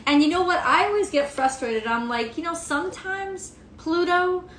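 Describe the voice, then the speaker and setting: A woman's voice: very high voice, lively intonation, moderate pace, fairly bright tone, reverberant, a little hiss or hum. A woman giving a casual tarot reading, frank and emphatic, swearing freely. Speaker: tarot reader.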